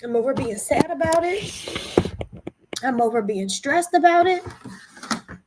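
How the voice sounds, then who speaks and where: A woman's voice: high voice, lively intonation, a little slow, background noise. A young woman talking frankly to her camera about feeling tired and unwell, candid and emotional. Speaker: vlogger running group trips. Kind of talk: casual vlog talk.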